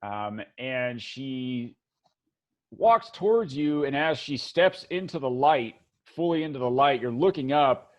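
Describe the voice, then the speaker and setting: Slow, halting male game master. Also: mid-range voice, expressive, muffled recording. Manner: halting, many fillers and restarts. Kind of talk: narrating a tabletop game.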